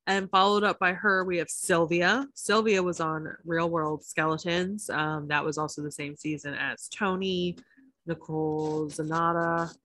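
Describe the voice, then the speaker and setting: Woman with a low voice cohosting a podcast, chatty and swears a lot, dry close sound. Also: measured pace, no room sound. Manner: chatty, swears freely, animated asides. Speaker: podcast co-host. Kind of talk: casual chat about reality TV.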